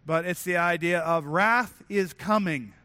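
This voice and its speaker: A man's voice: high voice, unhurried, sharp tone, smooth. A man preaching a sermon to a church congregation, earnest and conversational, often restarting his phrases. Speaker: pastor. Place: church sanctuary.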